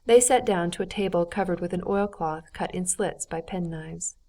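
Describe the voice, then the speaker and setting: A woman narrating a classic novel as an audiobook in a steady, even reading voice. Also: lowish voice, moderate pace. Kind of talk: scripted narration.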